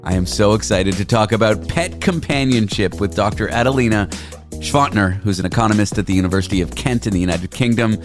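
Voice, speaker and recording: A man's voice: fairly low pitch, brisk, music in the background. A man hosting a talk show, joking and teasing his guests in a casual interview.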